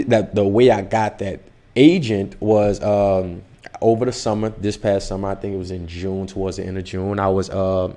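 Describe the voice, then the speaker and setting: Lower-voiced young man telling a story. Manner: animated, acts out dialogue in the story. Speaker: actor guest. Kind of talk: casual storytelling interview.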